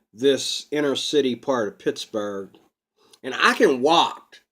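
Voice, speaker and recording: A man talking to camera in a rambling personal vlog, unscripted and full of drawn-out ums. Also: medium pitch. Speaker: vlogger. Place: Pittsburgh.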